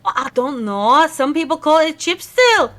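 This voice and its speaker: A woman's voice: high voice, sing-song, moderate pace, a bit bright. A woman playing in a tabletop game, bantering and teasing the storyteller. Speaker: player.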